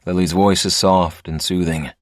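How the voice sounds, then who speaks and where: A man narrating a first-person story in a low, dry, wry manner. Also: level tone, normal speed, no room sound.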